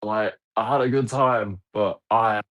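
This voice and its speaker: Deep-voiced teasing co-host, man. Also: steady tone, unhurried, fairly bright tone. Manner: teasing, laughs easily. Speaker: stream co-host. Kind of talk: casual gaming stream chat.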